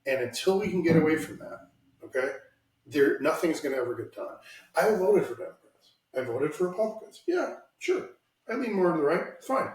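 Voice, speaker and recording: A man's voice: on the high side, very animated, normal speed, a little mellow, far from the mic. A man hosting a casual podcast, speaking bluntly about politics and swearing freely. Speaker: podcast host. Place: home room, lives in Washington state. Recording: roomy echo, somewhat off-mic.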